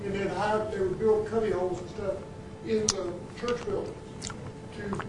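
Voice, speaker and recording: High-pitched male participant, rambling, far from the mic in an echoey room with noise. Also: little pitch movement, moderate pace. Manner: rambling, repeats himself. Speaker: class participant. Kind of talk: casual chat. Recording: roomy and distant with clear noise.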